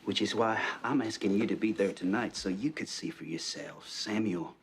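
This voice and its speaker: An actor playing a middle-aged male reverend who speaks in an earnest, measured way. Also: fairly low pitch, a little hiss or hum, lightly acted.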